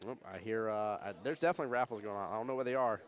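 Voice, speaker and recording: A man giving jokey, animated live commentary on a pool tournament and reading chat comments aloud. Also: on the low side, very fast. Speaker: pool match commentator and streamer. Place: pool hall during a tournament.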